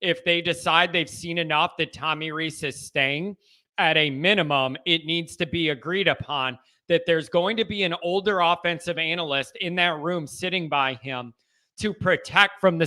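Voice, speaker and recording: A man hosting a call-in sports talk show, animated, joking and opinionated with callers. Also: a little high, moderate pace. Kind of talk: casual call-in chat.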